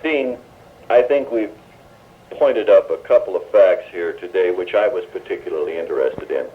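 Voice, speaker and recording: A man's voice: sits low, moderate pace. Jovial radio host man, tinny. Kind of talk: live radio call-in show. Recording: tinny 1970s radio broadcast with faint hiss.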